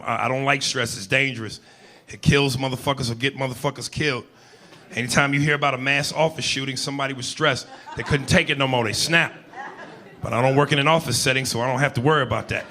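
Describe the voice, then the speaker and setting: A male stand-up comedian performing profane, shouty stand-up comedy in a noisy live club with a crowd. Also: medium pitch.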